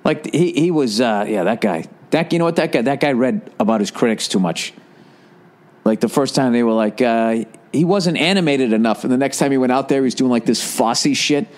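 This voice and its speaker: A man in his forties talks on his podcast in a loose, comedic rant. His delivery is profane and animated, and he breaks into quick mocking impressions. His voice sits at an ordinary middle pitch. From United States. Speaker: podcast host. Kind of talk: casual comedic monologue.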